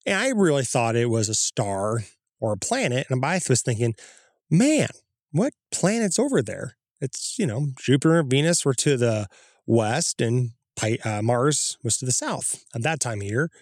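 A man tells a first-hand story in a casual, animated way, his voice jumping higher whenever he acts out what he said at the time. He sits at an average pitch for a man, and the sound is dry and close, recorded outdoors. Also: normal speed, no echo. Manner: animated, acts out his own quoted reactions with rising pitch. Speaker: guest telling his own UFO sightings. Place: outdoors in the woods.

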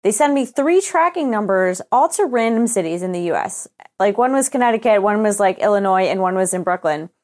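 A woman's voice: medium pitch, expressive, a little fast, a little mellow. Exasperated young woman telling a rant. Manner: exasperated, profane, acts out both sides of her email exchanges. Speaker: podcast co-host. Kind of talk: casual chat storytelling.

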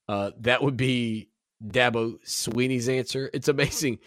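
Chatty sports radio host, dry studio sound. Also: male voice, medium pitch, fairly even intonation, slow, a bit bright, dry recording. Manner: chatty, self-deprecating. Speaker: sports talk show host. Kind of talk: sports talk radio hosting.

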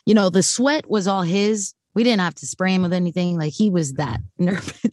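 Brief: young adult woman director, lively storyteller, swears freely, dry close sound. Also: lowish voice, moderate pace, no echo. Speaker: film director, guest. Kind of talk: casual interview storytelling.

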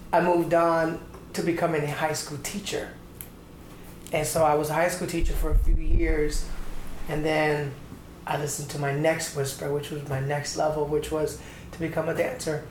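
Middle-aged guy from atlanta telling his story, lively, does the voices, echoey room, bit of hiss. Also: on the high side, moderate pace. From Atlanta, Georgia. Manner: animated storyteller who acts out quoted voices. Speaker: guest, choreographer and dancer. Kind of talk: conversational interview storytelling. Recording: echoey room with faint background noise.

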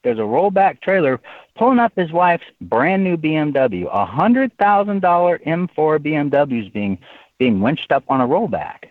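A man's voice: a little high, big pitch swings, normal speed, no room sound. A man who is an author, telling a rambling anecdote in an interview and often saying "you know". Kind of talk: storytelling in an interview. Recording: tinny phone-like line.

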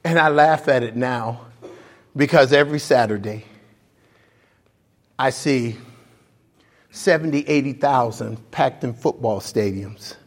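A man preaching a sermon, telling a story with animated swings from loud highs to hushed lows. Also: slow, long pauses. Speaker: pastor. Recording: long hall reverb.

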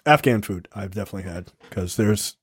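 A man's voice: lowish voice, lively intonation, fairly quick, breathy edge, dry recording, studio quality. A man co-hosting a podcast in casual chat, talking in a laid-back, rambling way with lots of swearing and fillers. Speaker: podcast co-host.

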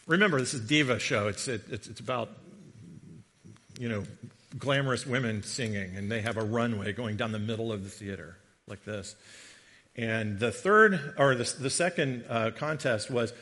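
A middle-aged man, a guest preacher, giving a sermon with a humorous personal story, animated and joking as he tells it. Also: medium pitch, moderate pace. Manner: animated storyteller, jokey asides. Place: church sanctuary. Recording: long reverb of a large hall.

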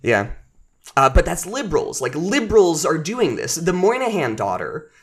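A man co-hosting a political podcast, talking casually in a halting way full of fillers and restarts. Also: fairly high pitch, very animated. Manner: halting, filler-heavy, lots of "like". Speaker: podcast co-host.

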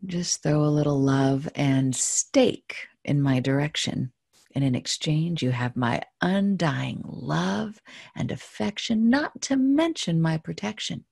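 A woman's voice: deep voice, slow pace, creaky, darkish tone, no echo, clean studio sound, heavily acted. A woman voicing a hungry, misunderstood male wolf who bargains and wheedles in rhyme. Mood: coaxing.

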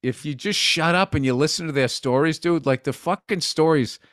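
A man's voice: fairly high pitch, normal speed, a bit bright, dry recording, clean studio sound. A man, a comedian, telling rambling stories in casual podcast chat, swearing and restarting sentences. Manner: storytelling, swears a lot, stammers on restarts.

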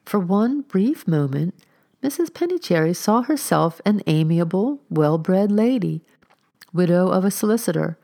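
Woman narrating an old-fashioned story, deep and gravelly, steady pace. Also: unhurried. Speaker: audiobook reader.

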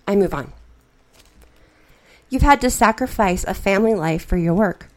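A woman reading a first-person story aloud, with expressive, flustered narration. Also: fairly low pitch, measured pace.

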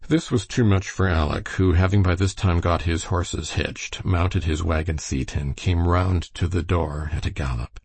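A man narrating a novel as an audiobook reader, in a steady storytelling manner. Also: low-pitched, moderate pace, few pauses, breathy edge, no room sound. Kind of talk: reading a novel aloud.

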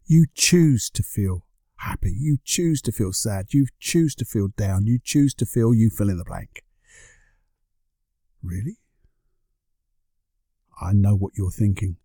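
A man hosts his own podcast in a very dark, mellow voice with a gravelly edge. He talks to the listener in a loose, conversational way, asking rhetorical questions. The recording is close and dry. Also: on the low side, a little slow, pauses often, dry recording. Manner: conversational, asks rhetorical questions, briefly acts out other people's excuses. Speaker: podcast host. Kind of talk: solo podcast monologue.

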